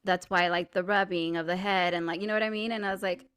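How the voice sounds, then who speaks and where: A woman co-hosting a podcast, telling a personal story in casual chat, saying "like" a lot and getting animated and laughing as she goes. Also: lowish voice, quick pace, clear, resonant tone. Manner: chatty, fills speech with "like"; animated and laughing while retelling stories. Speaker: podcast co-host.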